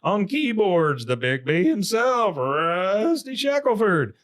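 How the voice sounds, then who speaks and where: A man's voice: high-pitched, very animated, slow, a bit bright, pitched above the performer's own voice, full character voice. A man doing a stiff, stern cartoon dad-cop. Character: stern middle-aged male propane salesman playing a cop.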